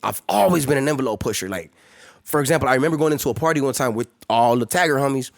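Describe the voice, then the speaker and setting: A man's voice: mid-range voice, expressive, very fast, creaky, no echo, studio quality. A man from the Los Angeles area, a podcast guest telling stories in a casual way with lots of profane street slang. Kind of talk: casual storytelling.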